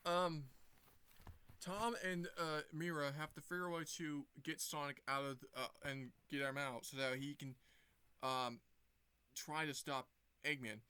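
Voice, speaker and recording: Rambling man with a bright voice. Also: fairly high pitch, fairly even intonation, unhurried, clean tone, no echo. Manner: rambling, full of fillers and restarts. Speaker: movie reviewer. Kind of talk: casual movie recap vlog.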